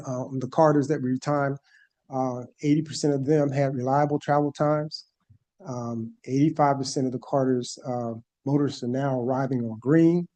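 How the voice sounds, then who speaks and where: Man presenting to a board, mellow voice. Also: medium pitch. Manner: methodical, explaining slide by slide. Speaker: staff presenter at a planning board meeting. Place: board meeting room.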